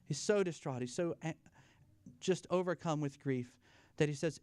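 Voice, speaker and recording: A man's voice: fairly high pitch, darkish tone, no room sound. Man telling corny jokes to a church crowd. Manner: playful, self-deprecating, pauses for laughs. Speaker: joke teller at a church family night. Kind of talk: stand-up style corny jokes. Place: church fellowship event, live.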